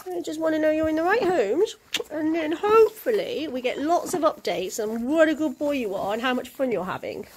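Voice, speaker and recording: A woman's voice: high voice, big pitch swings, fairly quick, darkish tone, slight background noise. A woman running a racehorse retraining yard, chatting casually in a rambling way with lots of ums. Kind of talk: casual vlog chat.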